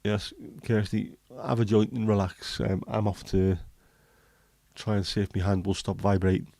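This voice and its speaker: A man's voice: fairly low pitch, flat delivery, normal speed, gravelly, mellow, no echo. A man, hosting a casual livestream and chatting with viewers in a joking way. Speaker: livestream host.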